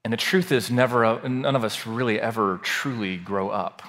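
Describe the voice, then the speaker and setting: A man pastor reading scripture dramatically and then preaching a sermon, slowing down for emphasis. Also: lowish voice, fairly bright tone. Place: large church sanctuary. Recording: long hall reverb.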